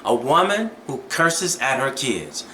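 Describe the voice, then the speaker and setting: Man, casual vlogger, bright and a bit high, storytelling, echoey room. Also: sing-song, unhurried, a little hiss or hum. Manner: storytelling, preachy, conversational. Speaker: dating advice vlogger. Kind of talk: casual vlog monologue.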